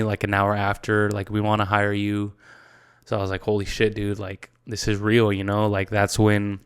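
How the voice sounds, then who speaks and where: A man's voice: lowish voice, smooth, no room sound, clean studio sound. A man in his twenties with an American accent, hosting a casual solo podcast, talking loosely with lots of "dude" and swearing, at times turning tearful. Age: 20s. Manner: casual, swears a lot, says "dude" often; gets tearful and emotional. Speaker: podcast host.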